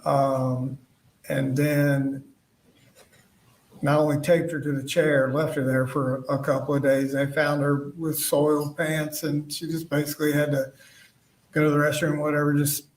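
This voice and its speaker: A man giving courtroom testimony as a witness, speaking haltingly and retelling past conversations as quoted dialogue. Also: on the high side, level tone. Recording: echoey room, voice far from the mic.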